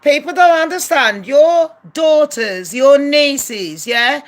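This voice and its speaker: A woman's voice: high voice, lively intonation, slow. A woman ranting bluntly to camera, heated and profane, firing rhetorical questions. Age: adult. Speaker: commentary vlogger. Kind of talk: opinionated rant to camera.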